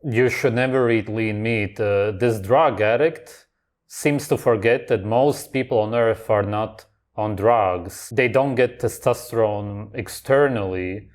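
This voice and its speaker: A man with a lowish voice delivers blunt, contrarian commentary as a reaction host. His tone is flat-out dismissive as he picks apart what he hears. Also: takes it slowly. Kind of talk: commentary over clips.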